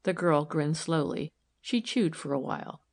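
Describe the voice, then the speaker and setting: A woman reading a story aloud in calm, even audiobook narration. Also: deep voice, moderate pace.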